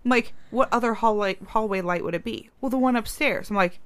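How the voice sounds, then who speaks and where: A woman's voice: fairly high pitch, a little fast, no echo. A woman in casual chat, a mother recounting a household argument and quoting both sides. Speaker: podcast co-host, mother.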